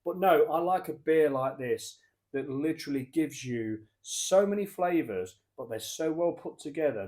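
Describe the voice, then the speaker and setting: A man chats through a beer review at an easy, mid-range pitch. He rambles, circles back and corrects himself as he talks, in the loose manner of a casual vlog. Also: a little mellow. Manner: rambling, chatty, self-correcting. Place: pub.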